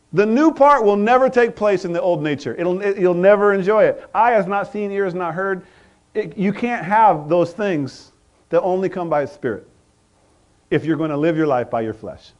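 A pastor with a notably high voice delivers a sermon. He calls out questions to the congregation and waits for answers. His volume swings from loud bursts to quiet asides. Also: animated, moderate pace. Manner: preaching with call-and-response, rising and dropping in volume.

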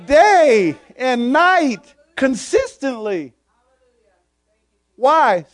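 High-pitched guy preaching, dry close sound, asks short questions, reads old-style bible verses. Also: dry recording. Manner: quotes scripture in old-fashioned wording. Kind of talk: sermon.

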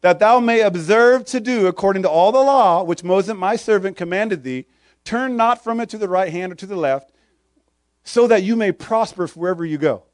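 A man's voice: high voice, no echo, studio quality. A man preaching a sermon, quoting old-fashioned scripture and firing short questions at the congregation.

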